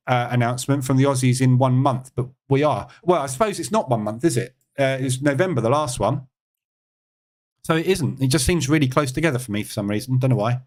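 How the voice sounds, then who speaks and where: A man's voice: medium pitch, animated, fairly quick. A man hosting a live trading stream, giving casual market commentary and thinking aloud with many fillers and asides.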